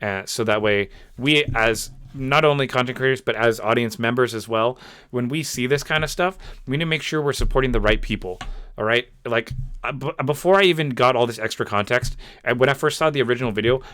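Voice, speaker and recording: Frustrated, a young channel host rants through his commentary, repeating himself and leaning heavily on fillers. He speaks briskly in a medium-pitched, slightly bright voice. The recording is dry.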